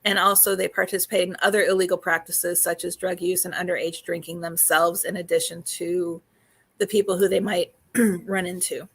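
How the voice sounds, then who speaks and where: Woman, host, casual live-stream talk, filler-heavy, slightly hoarse, lowish pitch. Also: flat delivery, moderate pace, fairly bright tone. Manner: many fillers, greets viewers. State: slightly losing her voice.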